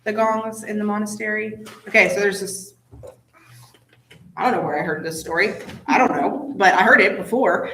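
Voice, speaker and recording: A woman's voice: mid-range voice, moderate pace. Woman, Bible study host, chatty storyteller, echoey room, faint hiss. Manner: chatty storytelling, animated asides. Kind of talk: casual Bible study chat.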